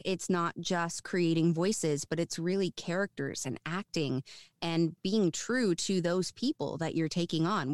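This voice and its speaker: A woman who works as a voiceover artist, talking in a relaxed interview. Her voice is smooth and resonant, recorded close and dry, and she speaks with animated expression. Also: lowish voice, dry recording. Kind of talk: casual interview chat.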